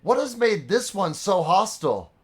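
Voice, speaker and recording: A young man's high-pitched, husky voice swings widely in pitch at normal speed. He's dungeon master of a live-streamed tabletop game, mixing relaxed banter with dramatic narration into a streaming microphone.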